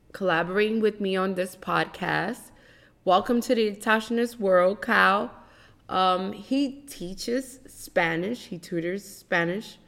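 A woman hosts a podcast at an unhurried, measured pace. She talks deliberately, pausing and restarting as she goes, at a mid pitch for a woman. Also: gravelly, fairly bright tone. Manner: slow and deliberate, with pauses and restarts. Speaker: podcast host. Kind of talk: hosting a scripted podcast.

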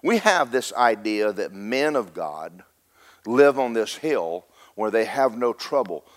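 A middle-aged man preaching a sermon as pastor, rising to a loud rhythmic peak and slipping in joking asides to the congregation. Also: lowish voice, sing-song, slow pace.

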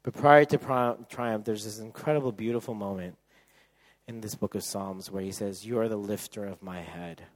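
A man in his thirties preaching at a camp, telling a personal story with lively acted-out voices and frequent laughter. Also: fairly low pitch, moderate pace. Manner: animated storyteller, acts out voices, laughs often. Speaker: camp speaker. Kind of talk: sermon with storytelling.

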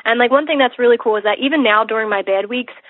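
Woman guest, fairly high husky voice, chatty with fillers, heard down a phone line. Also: quick pace, dry recording. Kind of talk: casual conversation. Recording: tinny phone line, dry.

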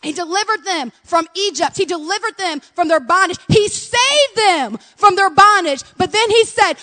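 Fervent high-voiced woman preaching. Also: expressive, normal speed, few pauses, in a large hall. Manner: earnest, addresses listeners as friends, rises to loud fervor. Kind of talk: sermon.

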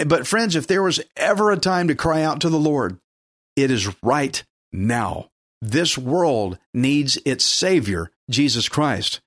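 A man's voice: mid-range voice, lively intonation, slow, fairly bright tone, no echo, studio quality. A man preaching a sermon in an urgent, emphatic, exhorting way.

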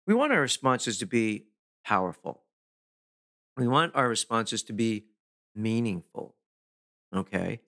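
A man giving a self-help talk in an emphatic, deliberate way, pausing to stress key words. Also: mid-range voice, bright, forceful tone. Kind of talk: motivational talk to camera.

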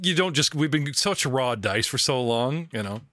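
Bright, chatty man running a tabletop game. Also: mid-range voice, lively intonation, normal speed, no echo, clean studio sound. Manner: chatty, laughs often, acts out side characters. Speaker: game master and host.

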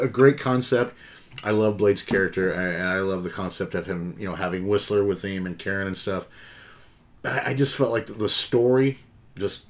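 A man in a casual movie-review chat, relaxed and enthusiastic. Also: fairly low pitch. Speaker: podcast co-host.

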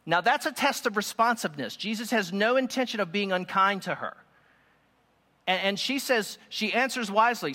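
A man delivers an animated sermon with emphatic storytelling, his voice high-pitched and bright. He speaks to listeners in a room, and long reverb trails after his lines. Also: normal speed. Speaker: preacher.

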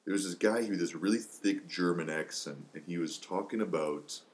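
A man's voice: low voice, a little fast. A man co-hosting a podcast in casual discussion, blunt and wry. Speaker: podcast co-host.

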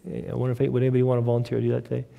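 A male pastor delivering a sermon to his congregation, lively and joking, often asking rhetorical questions. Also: medium pitch, very fast, creaky. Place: church before a congregation.

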